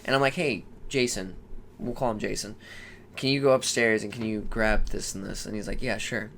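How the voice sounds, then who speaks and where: Young male co-host, casual storyteller, animated, faint noise floor. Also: lowish voice, normal speed, gravelly. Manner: animated, swearing, acts out quoted voices. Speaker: podcast co-host.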